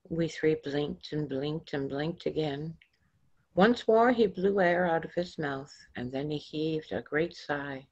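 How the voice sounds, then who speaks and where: A woman reads her own story aloud in a measured storybook manner. Her voice sits low and she takes it very slowly. The recording sounds dull and lo-fi. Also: a little mellow, husky. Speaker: author reading her vision. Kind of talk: storybook reading.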